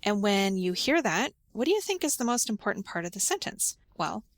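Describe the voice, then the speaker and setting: A woman hosting a conversational podcast interview about English pronunciation, asking guiding questions and explaining clearly. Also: mid-range voice, big pitch swings, fairly quick, no echo. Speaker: podcast host and English teacher.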